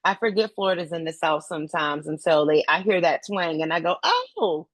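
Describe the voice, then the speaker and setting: Animated, emphatic woman podcast co-host. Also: low-pitched, a little fast, no room sound. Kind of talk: casual chat.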